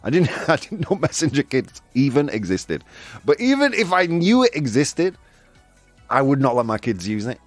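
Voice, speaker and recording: Jokey, lively-voiced male stream host. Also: mid-range voice, moderate pace, no echo, soft background music. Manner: jokey and chatty, laughs often. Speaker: show host. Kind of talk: casual live-streamed news chat.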